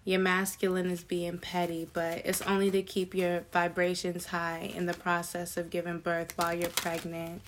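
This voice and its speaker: A woman gives a tarot reading in a low, fairly flat voice. She talks to her viewers in a chatty, slangy way and breaks into excited asides. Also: moderate pace, hardly any pauses, noisy background. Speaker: tarot reader.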